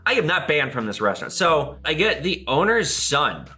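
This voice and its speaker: A man who hosts a pawn shop show, telling a story casually to camera in an animated way and acting out the people he quotes. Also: normal speed. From Minnesota. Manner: animated, acts out quoted people with big jumps in pitch. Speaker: pawn shop owner and host.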